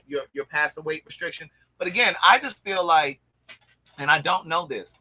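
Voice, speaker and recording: A man hosting a casual chat, telling a story in an animated, gossipy way with acted-out quotes. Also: high-pitched, poor audio. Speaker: host.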